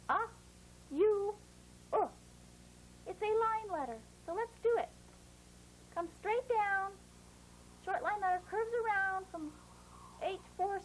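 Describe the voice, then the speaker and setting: A woman teaching children letter sounds in a phonics lesson, drawing each sound out slowly and coaxing them along. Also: very high-pitched, slight background noise, poor audio.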